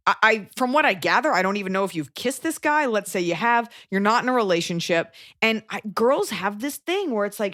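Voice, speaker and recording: Blunt animated woman podcast host. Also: medium pitch, brisk, hardly any pauses. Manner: blunt, animated, profane, jumps into quoted voices. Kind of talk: casual advice chat.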